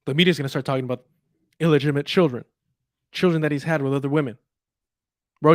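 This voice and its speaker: A man's voice: a little high, no echo, clean studio sound. A young man giving angry, profane political commentary, mocking others with sarcastic quotes.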